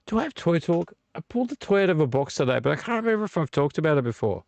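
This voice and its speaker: A man's voice: on the high side, sing-song, rapid-fire, gravelly, a little mellow, dry recording. A man hosting a late-night live vlog, a bit tipsy from beer, rambling and blunt and swearing freely. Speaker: livestream host.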